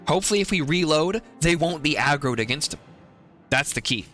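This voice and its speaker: A man's voice: medium pitch, lively intonation, normal speed, long pauses, fairly bright tone, faint music behind. A man streaming a video game, commenting live and pleading and swearing at the characters on screen.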